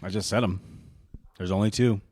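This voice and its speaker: A man's voice: lowish voice, steady tone, moderate pace, a little mellow, slightly rough, dry recording, studio quality. A man co-hosting a casual podcast, joking and teasing while he talks, laughing often. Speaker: podcast co-host. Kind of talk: casual chat.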